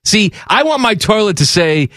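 A man co-hosting a radio talk show, bantering and acting out silly scenarios in shouted voices. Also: high-pitched, very animated, normal speed, no echo, clean studio sound. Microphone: studio microphone.

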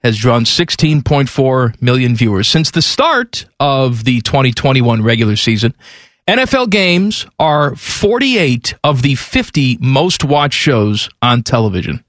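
A man's voice: mid-range voice, very animated, measured pace, fairly bright tone, no room sound, clean studio sound. A man hosting a sports talk radio show, ranting bluntly and confidently about the league.

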